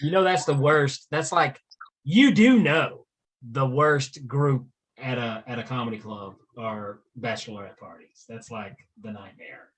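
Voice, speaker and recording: A man hosting a podcast, asking questions and reacting with quick exclamations. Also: mid-range voice, recorded from a distance. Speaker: podcast host. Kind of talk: casual interview.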